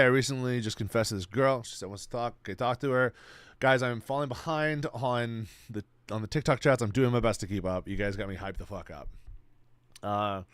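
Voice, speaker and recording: A man's voice: mid-range voice, smooth, no room sound. A man in his twenties chatting casually on a live stream, swearing freely and giving laid-back advice to his chat while he plays. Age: 20s.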